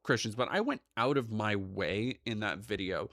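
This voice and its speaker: A man's voice: on the low side, moderate pace, no room sound, studio quality. A young man streaming live, talking casually with lots of swearing and rambling asides. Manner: profane, animated, rambling.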